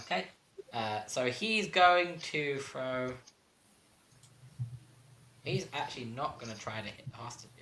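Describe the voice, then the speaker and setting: A man running a tabletop game as game master, talking in a relaxed, rambling way, often restarting his sentences. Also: mid-range voice, unhurried, long pauses, slight background noise. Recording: roomy echo.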